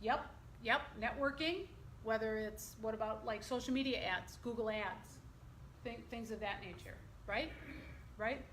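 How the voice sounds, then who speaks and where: A middle-aged woman leads a workshop and keeps throwing questions to the audience. Her voice sits a touch high. The room is echoey, with a faint hum behind her. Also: a little slow, fairly bright tone. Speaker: presenter. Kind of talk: interactive workshop presentation.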